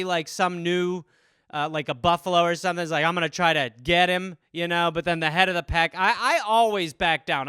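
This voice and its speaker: A man's voice: high voice, bright, forceful tone, clean tone, dry recording, studio quality. A man hosting a comedy podcast, riffing alone on topics in a rambling, profane, self-deprecating way. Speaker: podcast host.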